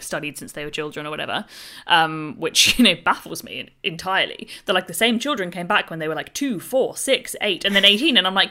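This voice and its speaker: A woman from England talks as a podcast guest in a relaxed, gushing way, often breaking into laughter. Her voice is bright and forward, sitting a little low in pitch. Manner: enthusiastic, chatty, laughs often. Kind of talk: casual chat.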